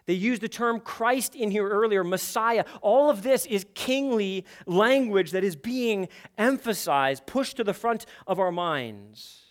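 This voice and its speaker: A man preaching an expository sermon, emphatic and building to forceful peaks. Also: high voice, animated, unhurried, few pauses. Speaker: pastor.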